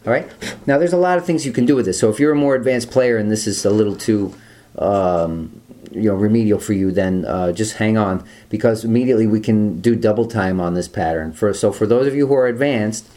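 Male guitar teacher, relaxed and methodical, deep mellow tone, faint guitar behind. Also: brisk. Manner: relaxed, explains step by step, counts beats aloud. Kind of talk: instructional talk with counting.

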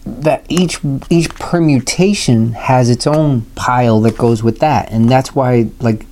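A man talks through a casual music lesson in a mellow, dark voice and scats the rhythms out loud. Faint noise sits under the recording. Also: mid-range voice, measured pace. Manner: explains rhythms by scatting syllables. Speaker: music teacher.

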